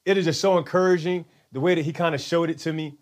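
A man with a fairly high voice and fairly even intonation preaches a sermon fast and conversationally. He often repeats words and leads call-and-response, having the congregation say lines back to him.

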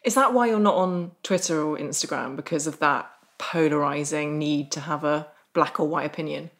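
A woman's voice: low-pitched, normal speed. A woman hosting a podcast interview, asking questions with dry teasing humour. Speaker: podcast host.

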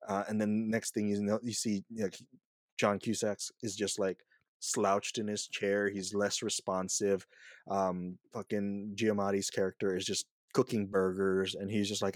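A man's voice: fairly low pitch, flat delivery, normal speed, no echo, clean studio sound. A man co-hosting a casual podcast, retelling movie scenes in a rambling, swearing way. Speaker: podcast co-host.

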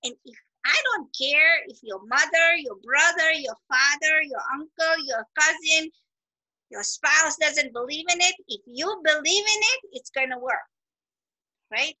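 A middle-aged woman talking in a casual, motivational way, emphatic and animated, acting out her own quoted thoughts. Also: sits high, measured pace, poor audio.

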